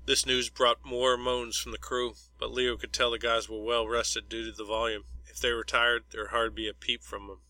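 Man narrating a story, very bright and dry. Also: medium pitch, no room sound, low-quality recording. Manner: even, unhurried storytelling reading. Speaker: audiobook narrator. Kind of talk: scripted narration.

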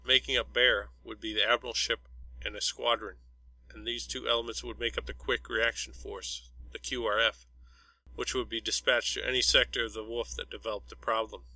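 A man reading a story aloud as narrator, in an even, unhurried storytelling way. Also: mid-range voice, no room sound, poor audio. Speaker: audiobook narrator. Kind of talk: scripted narration.

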